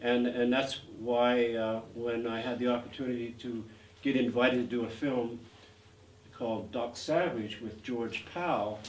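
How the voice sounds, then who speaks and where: A man's voice: mid-range voice, fairly even intonation, a little slow, a little hiss or hum. Older man, actor guest, rambling anecdotes, many fillers, roomy gallery echo, distant mic. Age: 60s. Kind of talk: anecdotal interview storytelling. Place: art gallery event.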